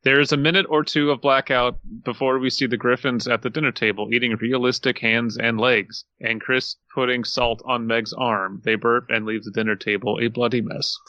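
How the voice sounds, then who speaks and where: A man's voice: mid-range voice, little pitch movement, normal speed, few pauses, sharp tone, no echo, dull audio. A man co-hosting a podcast in casual chat, rambling and correcting himself, sounding tired. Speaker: podcast co-host.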